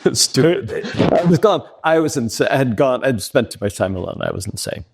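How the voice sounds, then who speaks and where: A man guest in a casual interview, telling candid stories in an animated way, laughing often. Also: mid-range voice, fairly quick, gravelly, slightly rough.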